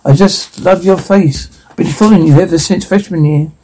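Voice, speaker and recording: A man voices a lonely young man who has made a school cellar his home. His tone sits a touch high and mellow, and he talks in soft, rambling bursts of unsettling devotion. Like a horror game figure, he sounds sincere and off at once. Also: moderate pace, low-quality recording. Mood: creepy devotion.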